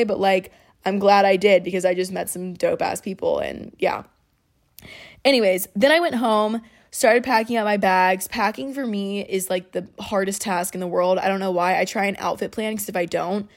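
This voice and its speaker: A young woman hosting a podcast, telling a rambling story in casual chat, swearing often and saying "like" a lot, emotional at the moment. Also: medium pitch. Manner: profane, rambling, heavy use of "like". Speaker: podcast host.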